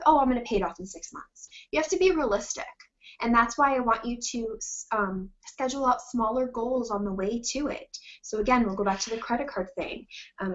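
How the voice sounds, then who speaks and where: A woman gives a motivational talk, earnest and encouraging, her voice sitting slightly high. She holds back tears as she speaks. The recording sounds dull and lo-fi.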